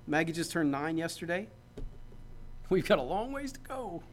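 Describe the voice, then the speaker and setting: A man's voice: on the high side, sing-song, moderate pace, slight background noise. A man, a pastor, preaching a sermon in a conversational, joking way that builds to emphatic points.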